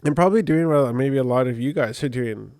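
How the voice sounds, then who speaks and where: A podcast co-host with a medium-pitched, darkish voice talks a little fast, recorded in studio quality with no echo. In casual chat, he tells a personal story, rambling conversationally with lots of fillers.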